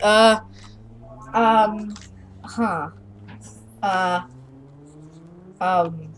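A woman's voice: mid-range voice, very slow, slight background noise. A young woman casually chatting while she plays a game, playful and silly, narrating her own moves. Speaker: channel host playing a game. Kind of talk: casual gameplay chat.

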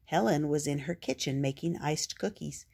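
An older woman reading a children's picture book aloud, gentle and expressive. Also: low-pitched, normal speed, creaky, husky. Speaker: storyteller.

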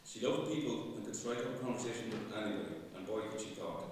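A man, reading a fond, gently humorous eulogy for his mother at a funeral Mass. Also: lowish voice, quick pace, few pauses, slight background noise. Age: 50s. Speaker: son giving a eulogy. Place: large church. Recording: echoey church, voice from far off.

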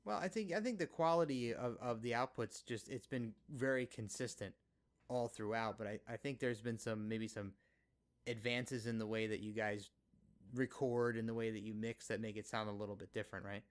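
A man's voice: medium pitch, moderate pace, smooth. A man hosting a podcast, asking rambling, teasing questions in a friendly, casual way. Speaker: podcast host. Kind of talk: casual interview chat.

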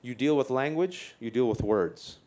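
A man's voice: medium pitch, lively intonation, darkish tone. Impassioned man moderating a panel. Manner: impassioned, rhetorical, with quick jokes. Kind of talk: live panel discussion.

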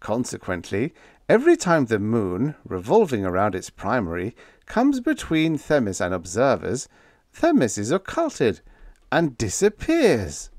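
A man voicing a gentle, nonchalant young male genius pilot who drawls blandly. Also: mid-range voice, huge pitch swings, unhurried, no echo, studio quality.

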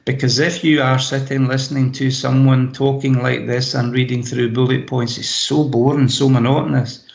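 A Scottish man runs an online training session in a chatty, practical way, sharing anecdotes as he goes. His voice has a slight gravel to it. He is picked up through a laptop mic in a room with a noticeable echo. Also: medium pitch, little pitch movement, normal speed, hardly any pauses. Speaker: presentation skills trainer. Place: home room. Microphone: laptop microphone on a video call.

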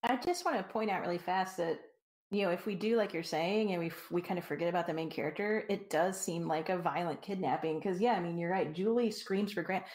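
A woman co-hosting a podcast, jumping in with quick, emphatic points about a story. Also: on the low side, a little mellow. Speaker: podcast co-host. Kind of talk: casual book discussion.

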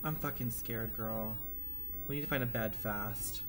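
In noisy stream audio, a man plays games live, cursing constantly and lurching from quiet mutters to screams in a dramatic, profane manner. His intonation is fairly even and his pace unhurried.

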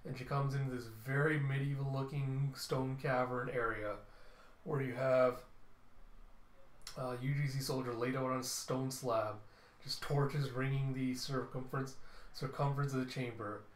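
A man's voice: mid-range voice, level tone, normal speed. Casual man narrating a comic read-through. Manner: loose, offhand, with fillers. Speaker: comic reviewer. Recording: roomy echo.

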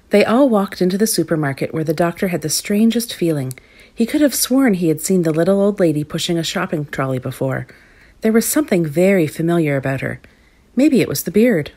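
A woman reading a children's story aloud with lively expression. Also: low voice.

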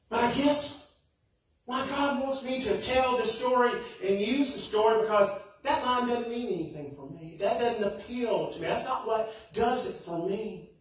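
Pastor, male, earnest preacher, high voice, caught far off in a reverberant sanctuary. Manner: earnest, rising and falling preaching. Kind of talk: sermon. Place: church sanctuary.

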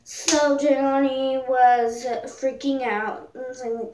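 High-voiced teen girl rambling in an echoey room. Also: steady tone, slow, dark tone, recorded from a distance, slight background noise. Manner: rambling, filler-heavy, jokey. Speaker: vlogger. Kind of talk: casual storytime chat. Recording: echoey room, voice a bit off-mic.

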